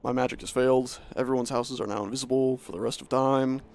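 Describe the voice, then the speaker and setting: A man's voice: medium pitch, steady tone, fast talker, gravelly, darkish tone. A man streaming a building game, talking casually and joking at himself as he plays. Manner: chatty, self-mocking, talks to himself while playing. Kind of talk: casual gameplay commentary.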